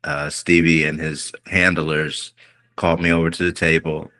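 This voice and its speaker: Man, very low pitch, bright and forceful tone, podcast guest, lively storyteller. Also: normal speed. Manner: animated storyteller acting out quoted voices. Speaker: guest singer.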